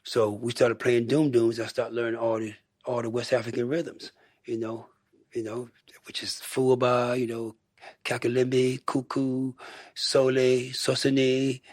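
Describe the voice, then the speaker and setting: A man's voice: mid-range voice, unhurried, dry recording, studio quality. An older American man from Michigan, a guest musician, telling rambling stories in a casual interview and acting out what people said. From Michigan, USA. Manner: rambling, animated storyteller who acts out quotes.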